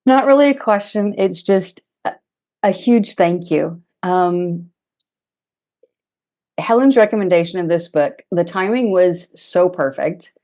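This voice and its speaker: Woman participant, mellow lower voice, rambling conversational delivery full of ums. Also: expressive, a little slow. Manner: chatty, lots of fillers and restarts. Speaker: participant, administrative professional. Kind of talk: casual group discussion.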